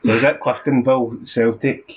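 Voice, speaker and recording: A man's voice: mid-range voice, fast talker, slight background noise. A Scottish man co-hosting a football podcast, chatting casually and telling stories with lots of laughter. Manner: laughing, animated storytelling. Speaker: podcast co-host. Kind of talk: casual chat. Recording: muffled lo-fi podcast audio.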